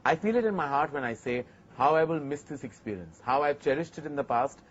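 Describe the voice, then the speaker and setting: A man's voice: on the high side, animated, fairly quick, muffled recording. Earnest male filmmaker host. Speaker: filmmaker hosting a TV segment. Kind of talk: reflective to-camera talk.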